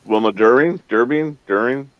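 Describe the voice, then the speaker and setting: A man's voice: medium pitch, normal speed. A man chiming in with short dry remarks during a casual chat among friends. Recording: dull lo-fi audio with noise.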